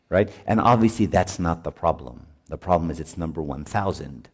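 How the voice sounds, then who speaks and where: A man's voice: low-pitched, animated, normal speed, breathy edge. A man, a priest, giving a conversational talk at a marriage retreat, often adding "right?" and laughing as he speaks. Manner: chatty, often adds "right?", laughs while talking.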